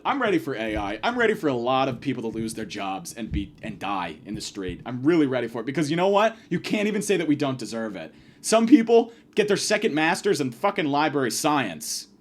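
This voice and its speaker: A young man ranting in a profane, exasperated comedy monologue. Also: on the high side. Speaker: podcast host. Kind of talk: comedic rant.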